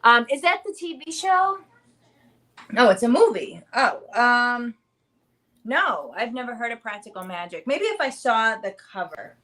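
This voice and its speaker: A woman's voice: a little high, pushed and bright. A woman in her thirties hosting a casual livestream, chatty and rambling, with lots of fillers. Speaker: livestream host. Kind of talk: casual live chat.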